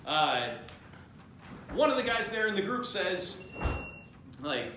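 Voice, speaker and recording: A man with a high-pitched voice and big pitch swings tells a history story at a party, slowly and with frequent pauses, in a loose, jokey, rambling drunk-history way, performing the voices of its characters. A crowd is audible in the background of the very echoey room, along with faint noise.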